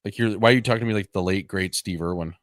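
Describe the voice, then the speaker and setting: A young man with a deep voice, co-hosting a casual podcast. He rambles quickly through loose, joking chat, full of fillers. His voice is recorded close and dry. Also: no room sound. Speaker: podcast co-host.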